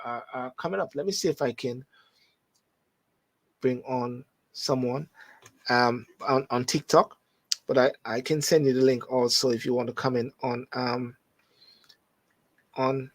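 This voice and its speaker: A man's voice: medium pitch, fairly even intonation, a little slow, pauses often. A Jamaican man hosting a live-streamed call-in talk show, talking animatedly, repeating words as he reads out viewer comments. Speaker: host.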